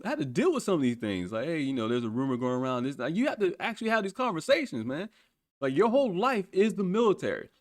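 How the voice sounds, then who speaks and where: A man casually recounting a story from his military days, swearing freely and acting out what people said. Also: fairly high pitch. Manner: animated, swears freely, acts out quotes.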